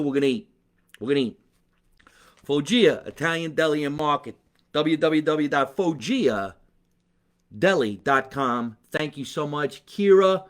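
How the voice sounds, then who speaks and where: A man from New Jersey with a New Jersey accent, a comedian hosting a live podcast, talking casually with sponsor plugs, animated, profane and fond of repeating phrases. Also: fairly high pitch. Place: his mother's basement.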